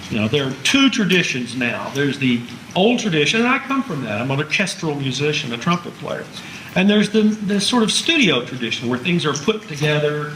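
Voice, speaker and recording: A man's voice: a little high, sing-song, a little fast, fairly bright tone, slight background noise. A man giving a public lecture to an audience, chatty and wry, with asides thrown to the listeners. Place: museum lecture room. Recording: roomy hall sound.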